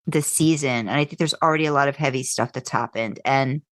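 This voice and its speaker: Low-voiced woman chatting on a podcast. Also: a little fast, no echo, studio quality. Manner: chatty, animated, lots of fillers and restarts; jumps into high voices when quoting. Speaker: podcast co-host. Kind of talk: casual chat.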